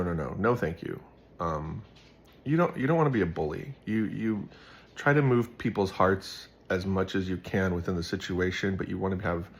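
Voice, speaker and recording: Low-voiced man rambling through a casual devotional. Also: slight background noise. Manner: rambling, filler-heavy storytelling with lots of "like". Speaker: host of a Bible devotional.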